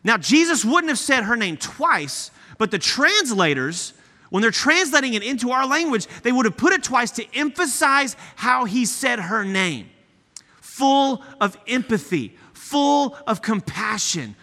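A man preaching a sermon as a guest speaker, high in pitch and bright in tone. His delivery is animated and emphatic yet conversational, swinging widely up and down. The voice carries a long echo through a large church sanctuary. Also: normal speed. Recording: echoey hall.

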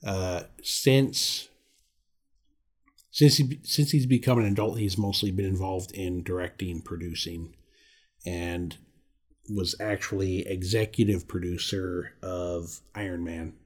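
A man's voice: low-pitched, steady tone, slow pace, slightly rough. A man co-hosting a movie podcast, casually running through an actor's credits and swearing now and then. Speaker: podcast co-host. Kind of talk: casual chat.

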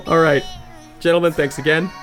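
A man hosting a casual podcast, brisk and profane, steering his co-hosts along. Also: a little high, little pitch movement, over music. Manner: brisk, profane and directing the others. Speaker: podcast host. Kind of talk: casual chat.

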